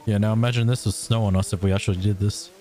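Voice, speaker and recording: A man streaming a roleplay game, chatting casually with friends, playful and quick to laugh. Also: on the low side, steady tone, warm tone. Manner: laughing, playful, talks in a pirate growl. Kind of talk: casual gaming chat.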